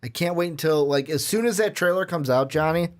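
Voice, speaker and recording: Young man, podcast co-host, casual chat, excitable, slightly high-pitched. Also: a little fast.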